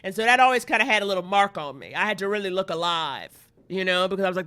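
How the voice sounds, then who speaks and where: A woman's voice: mid-range voice, lively intonation, fast talker, bright, forceful tone. A woman comedian from Harlem in casual comedic chat, telling stories animatedly and acting out the lines she quotes. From Harlem, New York. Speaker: comedian guest.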